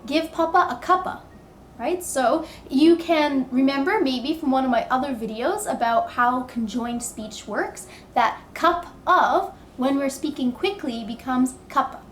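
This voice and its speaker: Woman english teacher, high voice, spells out every sound real slow, echoey room. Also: a little hiss or hum. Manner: slow, deliberate, exaggerated enunciation. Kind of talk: pronunciation lesson with drills.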